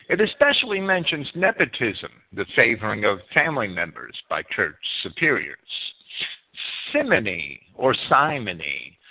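A man's voice: fairly high pitch, husky. A man narrating a history lesson as presenter of a series, reading with swooping emphasis and occasional self-corrections. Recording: tinny phone-like band.

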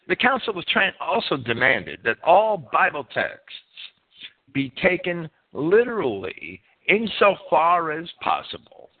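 A man reads a prepared church-history talk as a sermon, and his pitch rises and falls a lot. He stumbles and repeats words as he reads. The recording is thin and tinny, like a phone line. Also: slightly rough. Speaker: preacher. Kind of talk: reading a history presentation with asides.

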